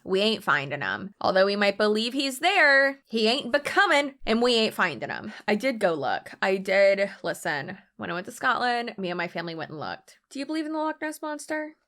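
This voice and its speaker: A tired young woman hosting her channel, talking in a lively, sarcastic and casual way and laughing often. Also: mid-range voice, brisk, few pauses. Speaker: host. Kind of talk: casual commentary.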